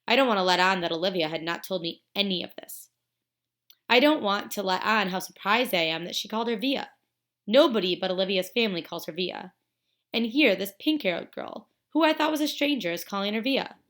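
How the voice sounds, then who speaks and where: A woman teacher reading a novel aloud to students in a steady, expressive storytelling manner. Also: medium pitch, brisk.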